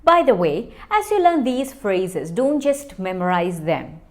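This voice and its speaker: A woman's voice: medium pitch, big pitch swings, a little slow. A woman teaching English, speaking directly and encouragingly to learners in a casual way.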